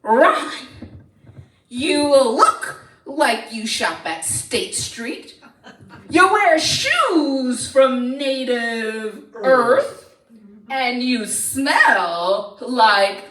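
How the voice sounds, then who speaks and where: Woman doing a clever young princess, sugary and coaxing, high voice, distant mic. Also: sing-song, moderate pace. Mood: scornful. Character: clever young princess, sweet-talking and bold. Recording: roomy hall, distant mic.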